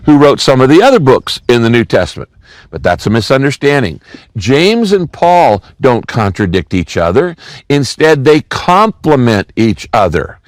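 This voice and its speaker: Older man, pastor, sermon, animated pitch, dry close sound, conversational preaching. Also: no echo. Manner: expressive preaching, conversational asides and scripture reading.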